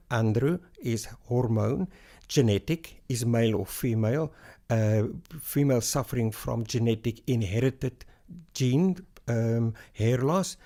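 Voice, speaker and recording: A man's voice: medium pitch, a little mellow. A middle-aged man, a hair loss doctor, explaining things step by step in a podcast interview and using everyday comparisons. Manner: measured, explains step by step with analogies.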